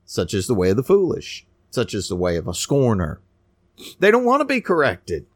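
A man preaching a sermon in an animated, scornful way, building to near shouts. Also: on the low side, normal speed, no room sound, clean studio sound.

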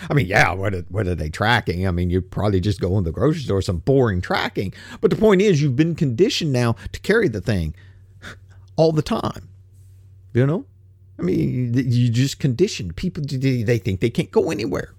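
A man's voice: medium pitch, very animated, moderate pace, darkish tone, slightly rough, no echo, clean studio sound. An older man, hosting a show and ranting in a blunt, folksy, profane way full of rhetorical questions. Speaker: podcast host. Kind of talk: casual rant.

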